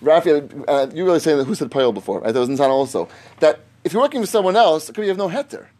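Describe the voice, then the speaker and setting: A man's voice: fairly high pitch, expressive, very fast, darkish tone. A man teaching a Talmud class, reasoning aloud with emphatic, repeated phrases and fielding students' questions. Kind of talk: Talmud study lecture.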